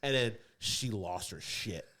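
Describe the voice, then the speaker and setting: A man's voice: on the low side, lively intonation, a little slow, sharp tone. A man co-hosting a comedy podcast, telling a rambling story with frequent laughs and restarts. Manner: rambling, laughs often, acts out others' voices. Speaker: podcast co-host. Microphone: podcast studio mic.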